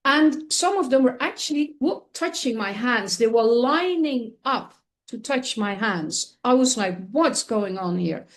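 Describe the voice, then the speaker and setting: A woman with a fairly high voice shares a personal story as a talk show guest. She speaks earnestly and expressively, and often breaks off to restart a sentence as she goes. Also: lively intonation, unhurried, fairly bright tone.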